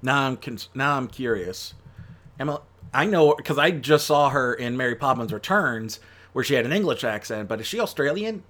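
A man's voice: mid-range voice, lively intonation, moderate pace, fairly bright tone. A man giving a casual spoken film review, chatty and rambling, with lots of fillers and self-corrections. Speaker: movie reviewer.

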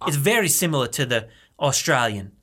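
A man's voice: mid-range voice, very animated, a little fast, pushed and bright. A man in casual joking chat, rambling and playful, swearing freely as he puts on accents.

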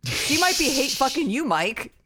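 Teasing woman with lively voice. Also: high voice, normal speed, dry recording. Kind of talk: casual comedic chat.

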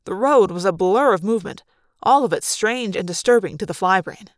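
A woman reading a fan audiobook, narrating in first person with lively, dramatic delivery. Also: mid-range voice, fairly quick, no echo. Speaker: audiobook reader.

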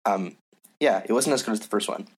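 Man, very deep voice, podcast co-host, casual chat, hesitant, halting, many fillers. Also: breathy edge. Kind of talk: casual discussion of a comic.

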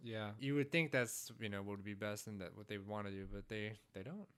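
Male podcast co-host, relaxed musing reflections on a film. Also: lowish voice, a little fast, clean tone. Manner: thoughtful, rambling with fillers and hedges. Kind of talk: casual movie recap chat.

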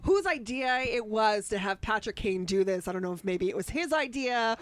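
A woman's voice: on the high side, lively intonation, normal speed. A woman co-hosting a podcast, chatty and laughing often in casual sports talk. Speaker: podcast co-host.

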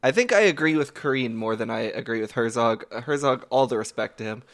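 A man from the American South, co-hosting a film podcast in a loose, animated way, with lots of fillers and casual swearing. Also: mid-range voice, fairly quick. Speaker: podcast co-host.

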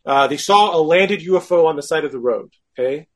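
A man with a high, husky voice tells a story as a guest. He is animated and frank, and he pokes fun at himself as he acts out what he was thinking. The delivery stays conversational and casual. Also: a little fast. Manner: animated, acts out his own quoted thoughts.

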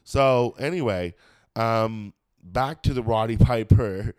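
A man's voice: fairly low pitch, slow pace, a little mellow, smooth, no echo, studio quality. A man, a comedian hosting a podcast, chatting casually and rambling with lots of swearing and fillers; he has a cold and a smoker's cough. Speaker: podcast host and stand-up comedian. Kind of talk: casual chat.

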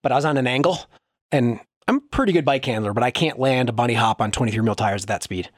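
A middle-aged man as a podcast guest, telling a story in casual chat, animated and laughing through it. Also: mid-range voice, fast, no room sound, studio quality.

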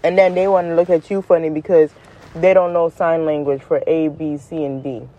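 A woman hosting her own show, talking in a casual, animated monologue full of slang, jumping up in pitch for emphasis and laughing as she goes. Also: moderate pace, muffled recording. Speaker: podcast host.

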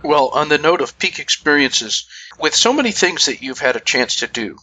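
A man hosting a radio interview, asking measured, lengthy questions. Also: a little high, expressive, sharp tone, a little hiss or hum, poor audio. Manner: measured, framing long questions.

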